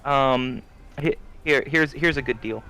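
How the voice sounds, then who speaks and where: A man's voice: medium pitch, unhurried, pushed and bright, smooth. A man chatting with a friend over a voice call, teasing him dryly and hedging with fillers. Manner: dry teasing, hesitant fillers. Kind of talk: casual chat over voice call.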